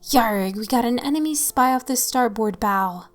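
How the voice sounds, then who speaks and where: Woman reader doing a weepy little boy, childlike, slightly raised pitch; storybook horror. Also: moderate pace, soft background music, natural voice. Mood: playful shouting.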